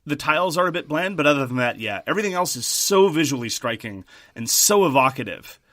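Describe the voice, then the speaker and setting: A man co-hosting a podcast, chatting casually about board games in a thoughtful, measured way with frequent restarts. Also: a little high, lively intonation, a bit bright, dry recording, studio quality. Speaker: podcast co-host.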